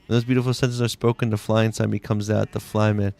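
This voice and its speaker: A man's voice: on the low side, flat delivery, quick pace, vocal fry, a little mellow. A man live-streaming a game, chatting casually in a rambling, slangy way full of "like"s. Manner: laid-back, rambling, slangy with many "like"s. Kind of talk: casual live-stream chat while playing.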